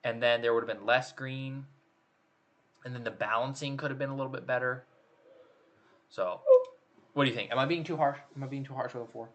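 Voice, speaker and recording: A man's voice: medium pitch, fairly even intonation, a little fast, long pauses, a bit bright. A man hosting his channel, judging contest photos in a casual chat and thinking aloud with hesitant restarts.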